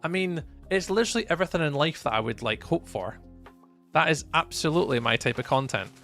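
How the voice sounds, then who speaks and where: A man's voice: fairly high pitch, lively intonation, fast talker, bright, forceful tone, soft background music. A Scottish man chatting casually with viewers while commentating a live game stream. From Scotland. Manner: friendly, chatty, greets viewers by name.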